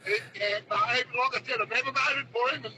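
An Australian man rings a talk radio show, his voice high and very bright. He rambles and calls everyone mate. The phone line carries a faint hiss. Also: fairly even intonation, quick pace. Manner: rambling, says mate a lot. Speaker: caller. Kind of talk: talkback radio call. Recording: phone call with faint noise.

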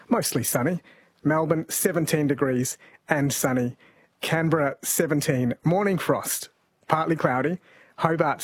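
A man's voice: fairly high pitch, slightly rough. A man hosting a radio talk show, chatting and reading out listener texts. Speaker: radio host. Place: radio studio.

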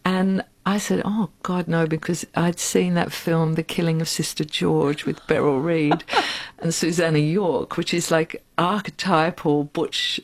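A woman in her sixties, an interview guest telling her life story in a frank, reflective and unhurried way. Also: low voice, fairly even intonation. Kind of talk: candid personal storytelling.

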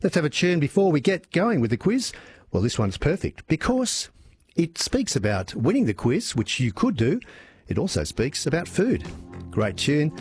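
A man with an Australian accent hosting an evening talk radio show, chatting warmly with listeners and swooping up and down as he talks. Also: on the high side, huge pitch swings, moderate pace, slightly rough, no room sound. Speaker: radio host. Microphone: studio microphone.

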